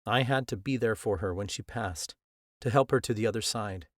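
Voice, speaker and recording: A man with a low voice reads a first-person audiobook in a measured, earnest way. The recording is close and very dry, with no room sound at all. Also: no echo. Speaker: audiobook narrator. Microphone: close studio mic.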